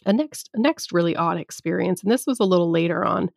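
A woman's voice: on the low side, lively intonation, brisk, vocal fry, darkish tone, no echo, clean studio sound. A woman hosting a podcast, telling personal stories in a chatty, candid way with casual swearing. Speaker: podcast host. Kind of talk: casual storytelling monologue.

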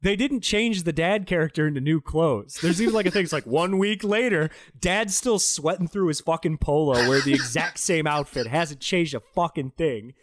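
A man's voice: a little high, normal speed, few pauses, no room sound, clean studio sound. A man in casual podcast chat, reviewing a bad movie with profane, sarcastic jokes. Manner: profane, sarcastic, mocking impressions.

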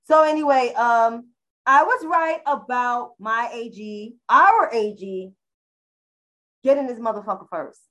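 A woman with a slightly high voice co-hosts a casual podcast. She rants bluntly and profanely, driving home each point with emphatic repetition. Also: unhurried, sharp tone, poor audio. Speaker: podcast co-host. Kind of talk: casual chat.

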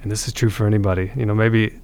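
A man's voice: fairly low pitch, flat delivery, fast, a little mellow, slight background noise. A man, a podcast guest, telling his conversion story in an earnest, reflective way with frequent restarts.

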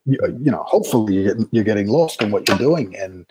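A man talking thoughtfully about acting, often pausing and restarting his sentences. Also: fairly low pitch, animated, warm tone, husky. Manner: thoughtful, halting, many restarts and fillers. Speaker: actor being interviewed. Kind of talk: casual conversation.

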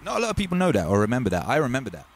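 A man's voice: mid-range voice, wildly swooping pitch, very fast. A man, chatting loosely as a livestream DJ host and reading out viewer messages. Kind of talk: casual livestream chat. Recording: music playing faintly behind.

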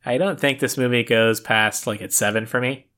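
A man's voice: medium pitch, fairly even intonation, normal speed, pushed and bright. A young adult man co-hosting a podcast, chatting in a laid-back, joking way about a film. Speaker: podcast co-host. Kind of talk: casual film chat.

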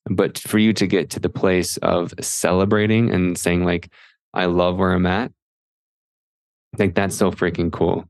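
A man's voice: low voice, little pitch movement, a little slow, no echo, clean studio sound. A man hosting a podcast, chatting with enthusiasm and rambling with many fillers. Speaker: podcast host. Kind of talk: casual podcast interview.

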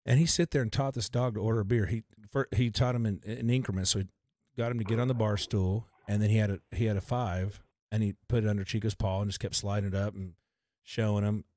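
A man's voice: lowish voice, steady tone, quick pace, a little mellow, no room sound. A man in a casual chat, telling a story eagerly and scattering fillers through it.

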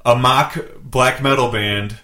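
A man's voice: mid-range voice, fairly even intonation, takes it slowly, pushed and bright. A laid-back American man hosting a casual podcast chat about music, rambling a little and swearing freely.

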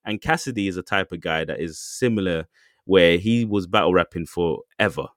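A man's voice: deep voice, normal speed, a bit bright, no echo, clean studio sound. A man co-hosting a podcast, telling a story loosely with lots of fillers and asides. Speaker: podcast co-host. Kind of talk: casual chat.

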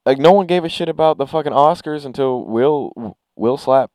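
A man chatting as a podcast co-host, blunt and loose with his swearing. His voice is smooth and resonant at a middle pitch. The sound is dry and close. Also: moderate pace, a little mellow, dry recording. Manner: blunt and profane, lots of fillers. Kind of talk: casual chat.

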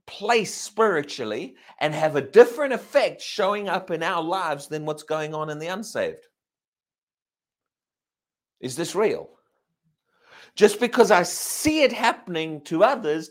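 A pastor with a fairly high voice delivers a sermon built on rhetorical questions to the congregation. He restarts and repeats phrases and drags out key words to stress them.

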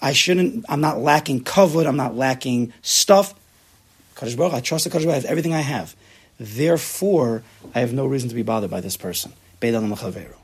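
A man teaching a Torah class to a room of listeners, animated and acting out people's inner voices, with Hebrew terms mixed in. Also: medium pitch, brisk, breathy edge. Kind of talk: classroom lecture with student questions.

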